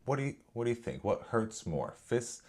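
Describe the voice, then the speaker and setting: An eager, fidgety schoolboy who won't let a question drop, as a man puts him on. The voice rides clearly higher and brighter than the teller's own low voice. He repeats himself and keeps pushing. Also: big pitch swings, normal speed, natural voice. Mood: insistent.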